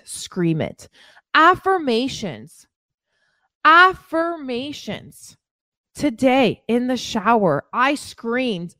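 Woman fitness coach, motivational podcast, high animated voice, dry close mic. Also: no echo. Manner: emphatic, repeats phrases for stress.

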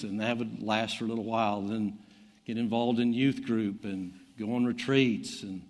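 Southern preacher in a reverberant hall. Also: male voice, on the low side, moderate pace. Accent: Southern American. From American South. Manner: animated Bible reading, voice rising for quoted lines. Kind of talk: sermon.

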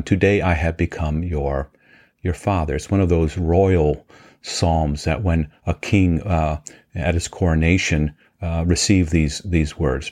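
A man teaching as a pastor, walking through Bible passages in a measured, explanatory way with frequent fillers. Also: sits low, a little mellow. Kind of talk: scripture teaching vlog.

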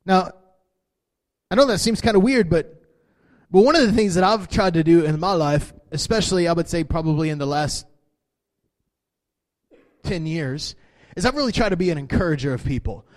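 A man preaching a sermon, swinging from quiet talk to shouting. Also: high-pitched, normal speed, pauses often. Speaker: pastor.

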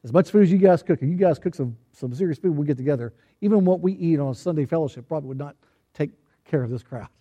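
This pastor talks fast in a casual, conversational sermon, ribbing his congregation and tossing out rhetorical questions, with the recording's highs cut off. His voice is soft, mellow, and a touch high for a man, and he often stumbles, restarts, and repeats words while thinking aloud.

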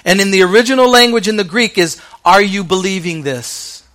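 Bright-voiced male pastor preaching. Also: high voice, brisk. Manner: conversational preaching with slang asides; drops to soft, quiet delivery on key lines. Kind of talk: sermon.

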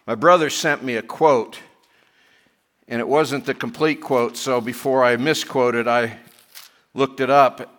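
Bright-voiced male pastor preaching. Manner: chatty, self-deprecating asides between scripture readings; rising in pitch and force when reading and pressing scripture. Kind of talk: sermon.

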